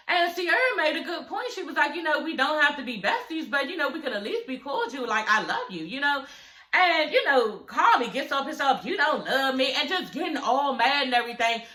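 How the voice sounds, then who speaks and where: Young woman, bright voice, echoey room, cussing thru a reality tv recap and talking to y'all. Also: on the high side. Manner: animated, profane, talks straight to viewers as y'all. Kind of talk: casual episode recap.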